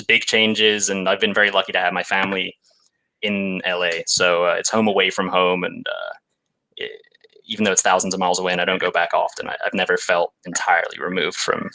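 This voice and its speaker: A young English man from London, his accent partly Americanized, talking in a deadpan way as a guest in a casual interview. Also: deep voice, fairly quick, rough recording. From England (London).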